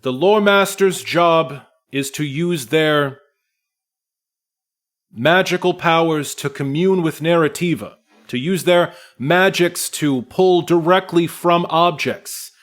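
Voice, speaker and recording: Man putting on a laid-back male guide, high and breezy, chummy. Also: takes it slowly, a bit bright. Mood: proud.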